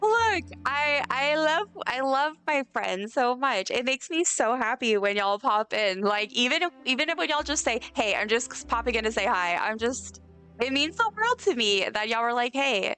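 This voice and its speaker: Bright, chatty woman streamer. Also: fairly high pitch, expressive, normal speed, smooth. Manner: effusive, chatty, reads chat aloud. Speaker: livestreamer. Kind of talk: casual live-stream chat while gaming. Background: faint game music.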